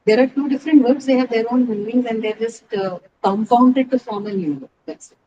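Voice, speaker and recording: A woman's voice: a little high, a little fast, highs cut off, noisy background. A woman teaching an online English class, explaining step by step and often checking in with her students.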